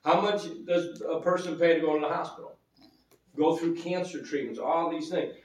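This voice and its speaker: A pastor whose voice runs a little high keeps his intonation fairly even and his pace moderate while preaching conversationally and questioning the congregation. The sermon is recorded in a roomy church sanctuary with the mic set far away.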